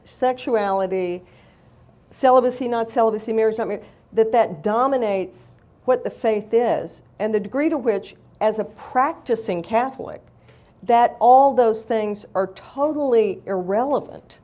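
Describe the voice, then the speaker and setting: A woman's voice: on the high side, darkish tone. A woman author telling candid, wry stories in a live interview, blunt and self-mocking.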